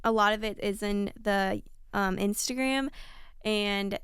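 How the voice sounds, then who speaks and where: A woman co-host chats casually, mostly offering brief, supportive replies. Her voice is very smooth and clear, at an ordinary pitch. The sound is dry, with no room echo. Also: measured pace, fairly bright tone. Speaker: podcast co-host. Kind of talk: casual chat.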